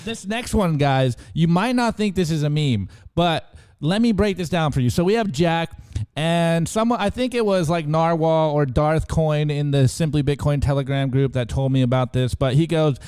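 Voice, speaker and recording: A man co-hosting a show, running through memes in an excitable, slangy way and directing his co-host. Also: on the high side, normal speed, clean tone. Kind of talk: casual show commentary.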